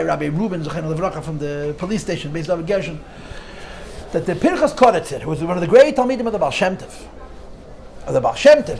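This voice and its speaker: A man teaching an informal Torah class as a rabbi, an animated storyteller who restarts phrases often and sprinkles in Yiddish and Hebrew terms. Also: sits high.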